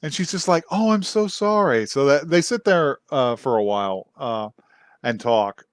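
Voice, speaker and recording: A man's voice: mid-range voice, animated, normal speed, dry recording, studio quality. A young man co-hosting a podcast, casually recapping an anime episode, often laughing and acting out the characters' lines. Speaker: podcast co-host.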